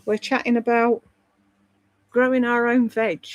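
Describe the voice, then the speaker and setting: A woman's voice: fairly high pitch, little pitch movement, measured pace, no echo. A British woman chatting casually on a live stream, rambling between topics and reading out viewer comments. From Britain. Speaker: live streamer and voice-over artist.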